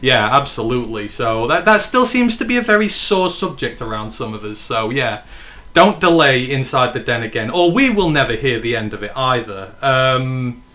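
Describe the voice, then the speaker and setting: A man runs the podcast, chatting loosely and swearing freely between listener questions. His voice is bright and forward, with plenty of edge. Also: mid-range voice, sing-song, moderate pace. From England. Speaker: podcast host. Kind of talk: casual podcast chat.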